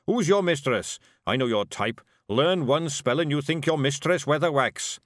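A man voicing a pompous, blustering male dwarf shopkeeper who talks loud and lofty in an audiobook. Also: mid-range voice, expressive, measured pace, dry recording, studio quality, voice pushed up, close to an everyday voice. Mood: indignant.

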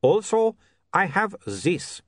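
A man's voice: high voice, very animated, slow, dry recording, studio quality, voice pushed up, heavily acted. A man voicing a prim, eager vampire photographer. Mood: earnest. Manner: stiff formal foreign-sounding phrasing.

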